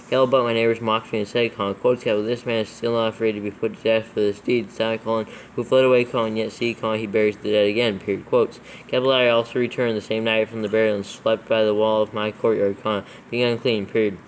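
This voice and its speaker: Brisk, flat male reader dictating text with punctuation for a proofread check. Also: lowish voice, slight background noise, low-quality recording. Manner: flat, steady reading that spells out punctuation and letters. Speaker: scripture reader in a proofreading session.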